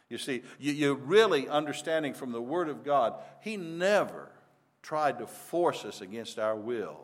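A man's voice: a little high, fairly bright tone. An older man, a pastor, preaching a sermon in an earnest, conversational way, often restarting his words.

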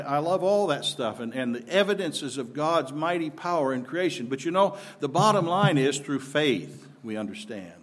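A man preaching a sermon, rising to loud emphatic declarations and then dropping back low.

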